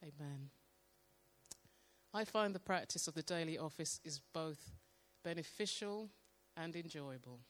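A woman sharing a calm devotional testimony and leading a slow, meditative guided prayer. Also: sits low. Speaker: church member sharing testimony.

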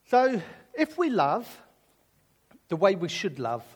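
A British man preaching with a high, bouncing voice that swoops up and down as he jokes. His sermon mixes comic storytelling with earnest appeals. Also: takes it slowly, husky. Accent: British English. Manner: animated and jokey, drifting into earnest preaching.

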